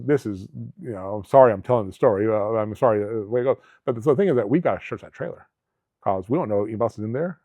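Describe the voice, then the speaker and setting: Middle-aged man from Alabama, ex-cop guest, mid-pitched, earnest rambling storyteller; dry, thin telephone-quality audio. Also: dry recording. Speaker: guest, former police officer and travel agency owner. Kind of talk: casual storytelling interview. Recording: dry, tinny phone-like sound.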